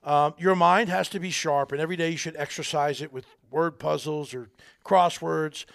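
A middle-aged army veteran speaking as a podcast guest, earnest, rambling and folksy, with a gravelly voice. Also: male voice, on the high side, fairly even intonation, moderate pace, fairly bright tone, no room sound. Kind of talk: casual interview talk.

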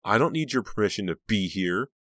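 A man voicing a bratty fifteen-year-old girl who taunts and sneers in a shrill voice. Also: very animated, a little slow, a bit bright, dry recording, studio quality, full character voice. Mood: sneering.

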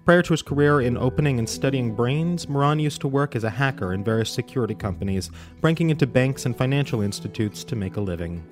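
A man hosting a podcast, reading a brisk, upbeat outro with credits. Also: medium pitch, expressive. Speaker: podcast host. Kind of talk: scripted outro read. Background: light guitar music.

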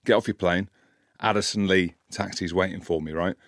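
A man in his forties, a podcast co-host and commentator, telling an animated story in casual chat, his voice rising sharply when he replays an argument. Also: a little fast, no echo, clean studio sound. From Scotland. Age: 40s. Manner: animated anecdote, gets loud and high when quoting the argument.

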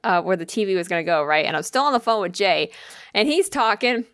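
Profane, animated woman telling a story. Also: mid-range voice, fast, no echo, studio quality. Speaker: storyteller in casual chat. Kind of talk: casual chat.

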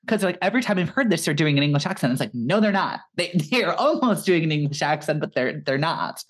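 A young woman co-hosting a film podcast, talking in an animated, articulate way, with lots of "like"s. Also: low-pitched, quick pace. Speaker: podcast co-host. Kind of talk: casual film-podcast chat.

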